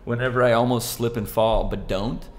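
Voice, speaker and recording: A man's voice: medium pitch, steady tone, moderate pace. A man in his forties from Southern California, a guest musician and comedian, chatting playfully and rambling through his stories. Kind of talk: casual interview chat.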